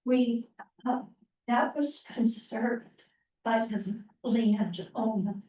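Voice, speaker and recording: A woman presenting to a town planning meeting, speaking slowly with many pauses and ums. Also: a little high, steady tone, mellow. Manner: slow, halting, many ums. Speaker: open space committee presenter. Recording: roomy, distant, muffled meeting audio.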